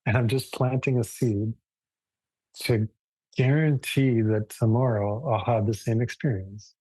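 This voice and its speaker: A man teaching a relaxed live yoga class online, talking casually and thoughtfully, with frequent restarts. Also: medium pitch, a little slow, slightly rough, dry recording, poor audio.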